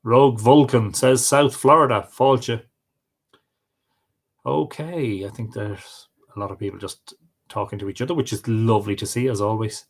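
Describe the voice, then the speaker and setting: A man's voice: medium pitch, steady tone, moderate pace. A man with an Irish accent hosting a livestream, chatting casually and reading viewers' comments aloud, greeting each one by name. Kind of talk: casual live chat.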